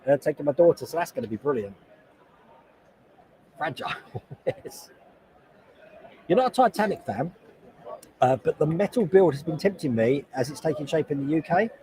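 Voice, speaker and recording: A man in his forties hosts a livestream from a convention hall. He rambles through a friendly, casual chat and reads out viewers' comments. His voice sits a little high with a soft, mellow tone, heard through a headset mic. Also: expressive, moderate pace, pauses often, slight background noise. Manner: rambling and chatty, reading chat comments aloud. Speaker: host. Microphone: noise-cancelling headset.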